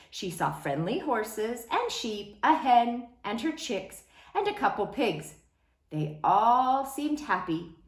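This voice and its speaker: A woman reading a children's picture book aloud in an expressive, sing-song way. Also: a little high. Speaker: storyteller. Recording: roomy echo.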